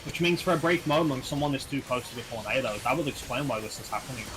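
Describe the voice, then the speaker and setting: A man in casual gaming voice chat, calmly questioning his group and talking through mechanics. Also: medium pitch, fast. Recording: noisy background hiss.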